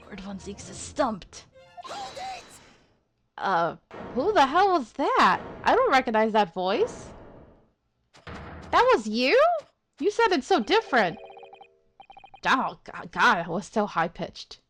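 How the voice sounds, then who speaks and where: Animated, playful woman commenting on a game. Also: on the high side, takes it slowly, pauses often, faint music behind. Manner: animated, playful, laughs often, rambling asides. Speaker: let's play host.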